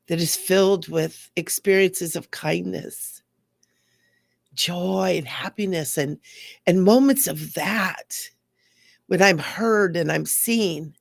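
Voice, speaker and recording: A woman's voice: on the low side, creaky, no room sound, studio quality. A woman giving an earnest spiritual teaching talk, now and then acting out the voices she quotes.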